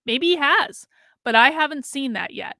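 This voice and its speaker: Bright-voiced woman hosting a reaction commentary. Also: high-pitched, lively intonation, vocal fry, no room sound, studio quality. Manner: measured, emphatic, repeats points for stress. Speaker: reaction video host. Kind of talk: commentary on a paused video.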